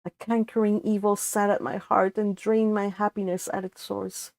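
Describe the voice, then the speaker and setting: A woman's voice: medium pitch, level tone, gravelly, darkish tone. Woman reading a novel with a Spanish accent. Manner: unhurried reading, breaking off for casual asides and corrections. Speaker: audiobook reader. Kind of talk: reading a classic novel aloud.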